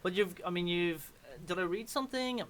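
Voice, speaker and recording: A man's voice: sits high, fairly quick, a bit bright. A man hosting a radio arts show, often repeating words as he finds his phrasing. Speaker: radio host. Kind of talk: radio interview chat.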